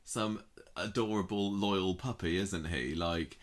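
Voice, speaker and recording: A man with a very low voice co-hosts a casual podcast. He is playful and laughs easily, riffing on the soap's plot with goofy jokes. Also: slow pace. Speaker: podcast co-host. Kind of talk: casual chat recapping a soap opera.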